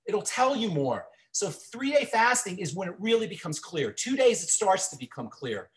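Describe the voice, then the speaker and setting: A man's voice: high-pitched, big pitch swings, moderate pace. A man hosting a radio health show, giving earnest, encouraging advice to callers in a Q&A.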